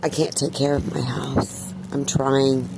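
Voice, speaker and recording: A woman talking in a personal vlog monologue, weary and distressed, sighing and clearing her throat. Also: a bass voice, little pitch movement, measured pace, noisy background. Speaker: video blogger.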